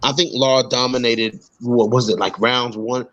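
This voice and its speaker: A man's voice: mid-range voice, fairly even intonation, normal speed, fairly bright tone. An easygoing man co-hosts a casual chat about fights, slangy and given to repeating himself. His voice comes through a dull, lo-fi line. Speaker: co-host.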